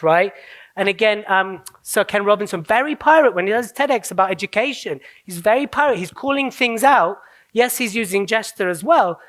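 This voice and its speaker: A man giving a live keynote on public speaking, playful and energetic, often checking in with his audience. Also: high-pitched. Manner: playful, energetic, slips into quick mock voices. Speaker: public speaking coach on stage. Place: conference stage.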